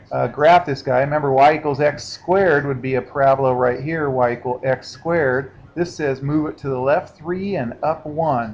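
A man teaching a math lesson in a casual, explanatory way, often checking in with his students. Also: mid-range voice. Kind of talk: recorded classroom lecture. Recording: dull lo-fi sound with faint hiss.

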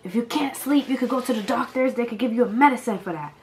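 A woman's voice: on the high side, quick pace, darkish tone, voice pushed up, lightly acted. A woman voicing her strict, angry father, scolding in broken English. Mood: lecturing.

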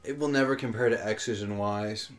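A man's voice: on the low side, normal speed. A young American man co-hosting a casual gaming chat, rambling and opinionated with lots of fillers. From United States. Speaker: co-host playing a video game.

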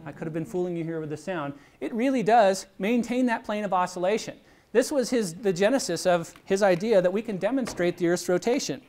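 A man's voice: high voice, brisk, a little mellow. A middle-aged man lecturing on physics in a lecture hall, explaining step by step in a conversational way with little asides. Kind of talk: university lecture with live demonstration.

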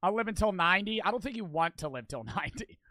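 Male streamer, slightly high and bright voice, casual rambling slang, dry close-miked sound. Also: fast talker, dry recording. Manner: animated, slangy, rambling with many "like"s. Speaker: streamer reacting to videos. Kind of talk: casual live-stream chat.

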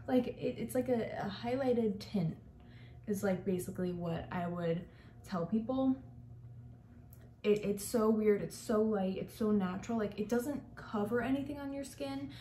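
A young makeup artist and beauty vlogger gushes through a casual makeup tutorial, saying "like" constantly. Her mid-range voice is mellow and a little slow, recorded in an echoey room with faint hiss or hum.

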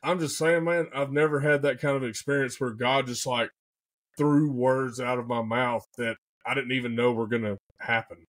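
A man, a podcast guest telling a story in an excitable, animated way and often saying "man" and "dude". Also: mid-range voice, normal speed. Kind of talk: casual storytelling.

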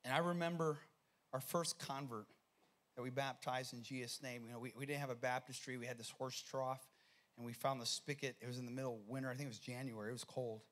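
A man preaching a sermon as pastor, telling a story with animated energy and frequent repeated words. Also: mid-range voice, fast. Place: church sanctuary.

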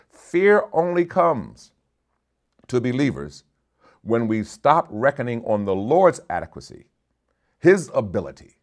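A man preaching a sermon as a bishop, reading scripture aloud and building in intensity. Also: mid-range voice.

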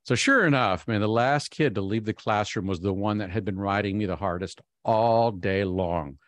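A man in his fifties giving a humorous keynote talk, telling a story in an animated, self-mocking way with frequent ums and restarts. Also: fairly low pitch, moderate pace, no echo. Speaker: keynote speaker.

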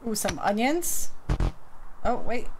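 A woman's voice: on the high side, very animated, slow, background noise. A woman streaming a game from home, chatting casually with her viewers and her cat as she plays. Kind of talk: casual gameplay commentary.

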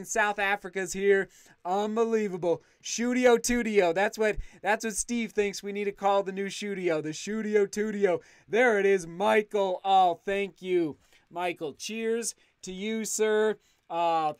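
An eager man in his thirties hosts a live stream from his home studio, thanking viewers with bubbling enthusiasm. His voice sits high and comes through smooth and clear. The sound is close and dry, with no room around it. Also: no room sound. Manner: enthusiastic, grateful, often restarts words. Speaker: running vlogger hosting a live stream. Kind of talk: live stream chat, reading super chats.

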